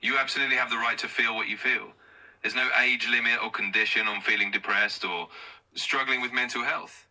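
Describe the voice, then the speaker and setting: A male AI chatbot voice giving calm, steady, affirming replies, heard from a distant phone speaker. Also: mid-range voice, brisk. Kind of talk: reassuring replies.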